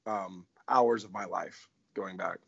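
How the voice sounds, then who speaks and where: A man's voice: sits low, fairly even intonation, takes it slowly, vocal fry, a bit bright, slightly rough. A male podcast host chatting casually and laughing, rambling with enthusiasm. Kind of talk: casual chat. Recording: dull lo-fi recording.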